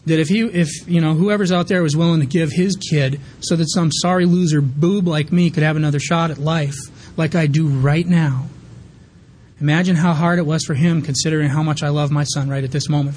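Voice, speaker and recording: Man, 30s, recovery share, candid and rambling, quick delivery, slightly high voice. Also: darkish tone. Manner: candid, rambling with fillers and restarts. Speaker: recovery meeting speaker. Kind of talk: personal recovery story.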